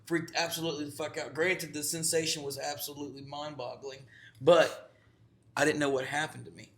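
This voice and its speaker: A man's voice: on the high side, little pitch movement, brisk, a bit bright, a little hiss or hum. A young man co-hosting a podcast, telling a long, profane story in a rambling, laughing way. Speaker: podcast co-host. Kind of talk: casual storytelling chat.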